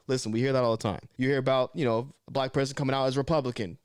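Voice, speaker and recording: A young man from Southern California talks to camera in a quick, lively stream. He is casual and streetwise, peppering lines with man and bro. The sound is dry and close, with no room around it. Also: medium pitch, clear, resonant tone, no echo. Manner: animated, slips into mocking voices; streetwise slang, says man and bro often. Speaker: vlogger.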